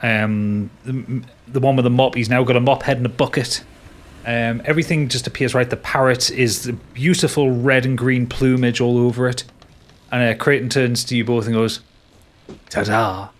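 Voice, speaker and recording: A game master at the table describes the scene to his players. His pitch sits at an ordinary middle height. He stumbles, restarts and fixes his own phrasing as he goes. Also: steady tone, normal speed. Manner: rambling, self-correcting narration.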